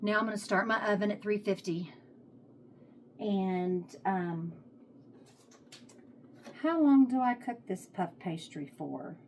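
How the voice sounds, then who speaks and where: Slow and animated with long pauses, a woman with a Texas accent muses aloud while cooking in her home kitchen for a casual vlog. Her mid-range voice is a little mellow, and the tripod-mounted phone picks up slight background noise.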